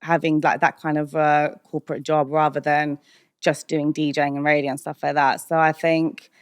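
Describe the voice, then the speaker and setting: A woman's voice: low-pitched, level tone, normal speed, clear, resonant tone, no echo, clean studio sound. A British woman DJ talking candidly as a podcast guest, chatty and full of "like" and "um", laughing often. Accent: British English.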